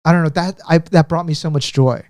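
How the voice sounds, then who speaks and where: A man in his thirties rambles through a casual podcast story, full of fillers, restarts and trailing thoughts. His voice is dark and mellow. The sound is close and dry, with no room in it. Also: a little high, fairly even intonation, a little fast, no echo. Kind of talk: casual chat.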